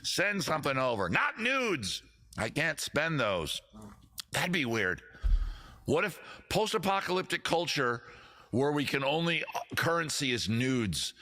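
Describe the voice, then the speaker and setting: A man with a baritone voice, hosting his own live stream and joking about himself in loose, rambling banter between songs. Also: very animated, a little slow, sharp tone. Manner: self-deprecating, chatty, jokey. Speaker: host and guitarist of a live stream show. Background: his own guitar.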